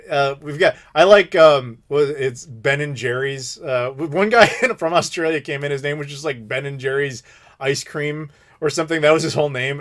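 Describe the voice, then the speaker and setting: A man in his thirties hosting a live Q&A stream, telling rambling stories in casual chat. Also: a little high. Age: 30s. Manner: rambling, animated storytelling with laughs. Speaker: streamer host.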